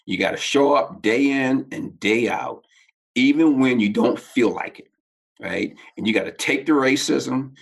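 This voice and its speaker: A man's voice: on the low side, vocal fry, slightly rough. A man in his sixties from Baltimore, a podcast guest telling personal stories with animation and acting out the voices he quotes. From Baltimore, United States. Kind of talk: personal storytelling in an interview.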